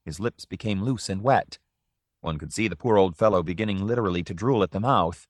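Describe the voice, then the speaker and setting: A man narrating a story in a measured, even storytelling manner. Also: low-pitched, no room sound, studio quality.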